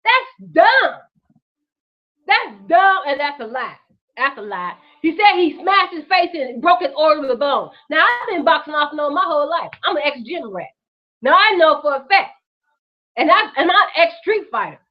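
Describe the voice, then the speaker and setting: A woman with a high voice delivers heated commentary on her own show. She swears freely and fires off rhetorical questions. The recording is dull and lo-fi. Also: very animated, normal speed. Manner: fiery, profane, rhetorical questions. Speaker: host. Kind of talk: impassioned commentary vlog.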